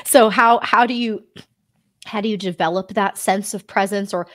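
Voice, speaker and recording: A woman's voice: medium pitch, steady tone, moderate pace. Woman host asking probing questions. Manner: engaged, probing questions with frequent affirmations. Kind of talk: interview.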